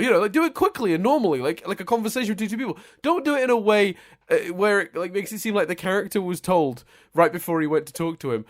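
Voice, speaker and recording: A man co-hosting a podcast, chatting casually in an animated, self-mocking way. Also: sits high, fast. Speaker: podcast co-host. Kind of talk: casual chat.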